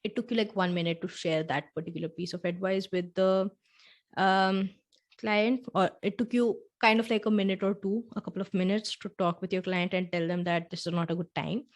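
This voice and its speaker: A woman hosting a podcast, talking the listener through a scenario in the second person with soft asides, and slowing down on key points. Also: medium pitch, steady tone. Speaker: podcast host. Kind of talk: reflective storytelling podcast.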